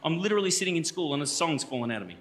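Fast, bright-voiced Australian man. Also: on the high side, very animated, a little hiss or hum. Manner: chatty, joking, addresses the audience directly. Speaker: guest speaker and musician. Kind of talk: storytelling talk to a church audience. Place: church hall.

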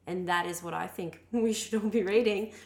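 A woman's voice: medium pitch, normal speed. A woman co-hosting a podcast, chatting expressively in a house and laughing often. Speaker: podcast co-host. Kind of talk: casual chat.

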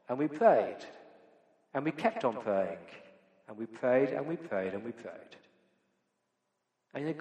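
A man's voice: mid-range voice, darkish tone, muffled recording. A middle-aged man preaching a sermon as pastor, earnest and emphatic with repeated phrases. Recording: echoey church hall with long reverb.

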